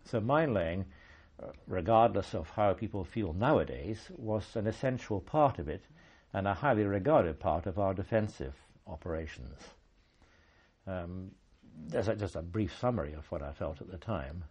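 An older man speaks in a husky, slightly low voice. He recalls his army days slowly and carefully, pausing often and restarting his sentences. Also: lively intonation, a little mellow, lo-fi sound. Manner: measured, halting, with frequent ums and restarts. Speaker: army veteran interviewee. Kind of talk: oral history recollection.

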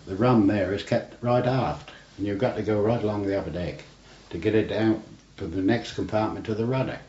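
Captured on roomy, dull archival tape with a faint hiss, an elderly navy veteran tells wandering stories in an oral history interview. His lowish, dark voice is brisk, and he often adds "you see".

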